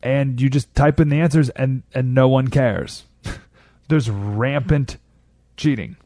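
A man's voice: mid-range voice, slow, warm tone, no room sound, clean studio sound. A man hosting a talk radio show, delivering an opinionated monologue with sarcastic, incredulous jabs and laughter.

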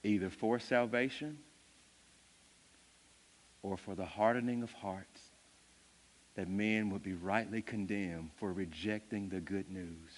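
A man preaching a sermon, with animated, emphatic delivery that builds to loud peaks. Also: on the low side, slow, long pauses. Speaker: pastor. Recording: long reverb of a large hall.

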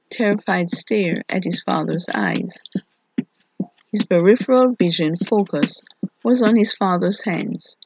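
A narrator reading a novel aloud in a steady, earnest way. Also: mid-range voice, creaky, breathy edge. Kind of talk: audiobook narration. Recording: muffled lo-fi recording.

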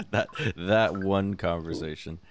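A young man speaks with a very deep, low voice in a loose podcast conversation. He talks in a relaxed, halting way, leaning on filler words and often laughing. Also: slight background noise. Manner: laid-back, filler-heavy, laughs often. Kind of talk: casual chat.

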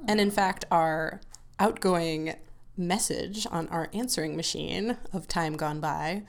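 A woman's voice: on the low side, takes it slowly, creaky, a little hiss or hum. A woman guest, an author of picture books, telling stories in casual chat.

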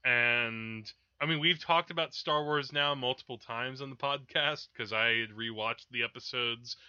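A man's voice: medium pitch, moderate pace, sharp tone, smooth, no room sound, dull audio. Male co-host, eager and rambling, close dry mic. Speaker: podcast co-host. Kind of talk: casual film podcast chat.

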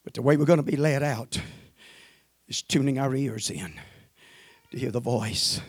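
A middle-aged man preaching a sermon, sprinkling in amens and building to shouted climaxes. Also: medium pitch, normal speed, breathy edge, no echo, clean studio sound. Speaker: pastor.

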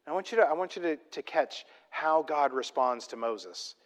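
High-voiced emphatic preacher in a reverberant hall. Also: male voice, animated, moderate pace. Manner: emphatic, asks rhetorical questions, swings from loud to soft. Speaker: pastor. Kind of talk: sermon.

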